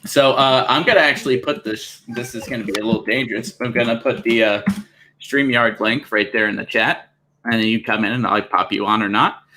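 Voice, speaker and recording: A man's voice: mid-range voice, fairly quick, background noise. A man hosting a casual livestream chat, joking and teasing his guests. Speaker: show host.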